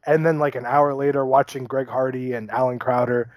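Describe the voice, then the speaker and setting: Male podcast co-host, mid-pitched, dry close sound, wry fight analyst. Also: fairly even intonation, brisk, dry recording. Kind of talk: casual sports chat.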